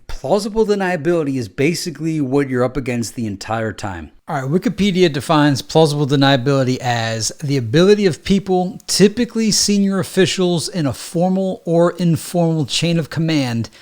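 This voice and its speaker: A man's voice: fairly high pitch, expressive, normal speed, few pauses, a little mellow. Man rambling in a casual monologue. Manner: rambling, conversational, acts out quoted exchanges. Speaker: podcast host.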